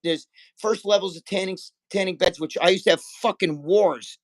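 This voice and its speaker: Animated, swearing older man telling stories. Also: high voice, moderate pace, low-quality recording. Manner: animated, profane storytelling. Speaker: guest. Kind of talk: casual chat.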